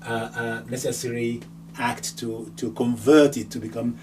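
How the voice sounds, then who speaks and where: This language teacher has a steady, mid-range voice with a darkish tone, and he talks a little slowly. He walks through grammar one step at a time, patiently going over words and endings again and again. Picked up on a distant mic, the recording carries a faint hum and soft background music.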